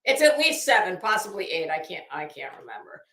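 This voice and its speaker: A woman's voice: on the low side, very animated, a little fast, bright, forceful tone. A woman host chatting casually and rambling, tired and foggy, with many restarts. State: tired and groggy. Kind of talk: casual chat. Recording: echoey room.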